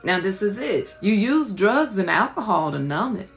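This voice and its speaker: A woman's voice: mid-range voice, sing-song, moderate pace, vocal fry, soft background music. A woman preacher giving an impassioned, colloquial teaching sermon on a live stream, repeating rhetorical questions.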